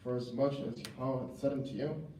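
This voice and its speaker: A man reading old-fashioned scripture verses aloud in class, steady and even. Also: medium pitch, a little fast. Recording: echoey room, mic far off, faint background hum.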